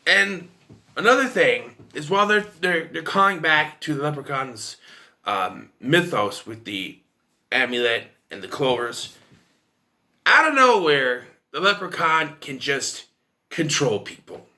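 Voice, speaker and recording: A man's voice: fairly high pitch, lively intonation, measured pace, bright, forceful tone. A man giving a casual, rambling and opinionated film review to camera.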